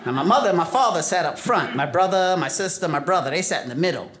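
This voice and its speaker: A man's voice: fairly high pitch, quick pace. A man from New York City performing a stand-up comedy set, telling childhood stories with lots of put-on voices. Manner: animated storytelling with put-on voices. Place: theater stage with laughing audience. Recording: roomy live venue with audience noise. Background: audience laughter.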